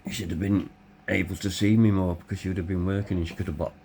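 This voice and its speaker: A middle-aged man telling his own story in a blunt, candid way, swearing freely, his voice tired and hoarse. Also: deep voice, level tone, quick pace, darkish tone, a little hiss or hum. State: hoarse, voice tiring. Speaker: vlogger. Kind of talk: personal storytelling.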